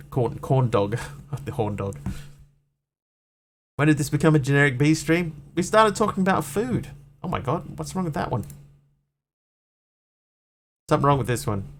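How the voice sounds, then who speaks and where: A man streaming a game, chatting casually and rambling as he thanks viewers. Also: mid-range voice. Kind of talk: casual live-stream chat while gaming.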